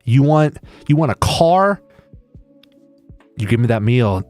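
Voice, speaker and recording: A man's voice: medium pitch, lively intonation, takes it slowly, a little mellow, no room sound, faint music behind. A man putting on a wheedling dream gnome. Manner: coaxing, making deals. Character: wheedling bargaining male gnome spirit.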